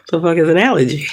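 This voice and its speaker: A woman in her thirties chatting casually on a livestream, rambling and profane, laughing often, congested from allergies. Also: low voice. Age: 30s. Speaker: spiritual livestreamer. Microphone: phone.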